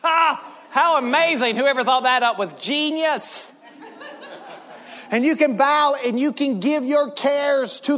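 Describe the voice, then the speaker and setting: A man preaching a sermon, telling stories with lively swings into loud shouts. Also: very high-pitched. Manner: animated storytelling, bursts into loud shouts. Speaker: pastor. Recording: long hall reverb.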